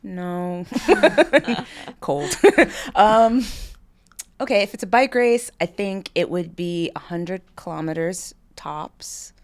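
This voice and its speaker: A woman guest on a podcast, chatting casually and laughing often, giving short relaxed answers. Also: on the low side, slow pace. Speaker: guest, pro cyclist.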